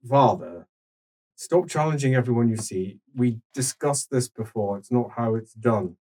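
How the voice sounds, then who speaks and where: A man voicing a tall older peacemaker who speaks in a low, measured and restrained way. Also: lively intonation, warm tone, rough recording. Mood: stern.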